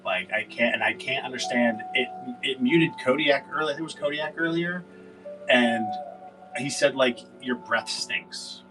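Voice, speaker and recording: A man's voice: mid-range voice, moderate pace, far from the mic, music in the background, low-quality recording. A man hosting a casual livestream, rambling and cursing with lots of fillers. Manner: rambling, profane, filler-heavy. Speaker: livestream seller host.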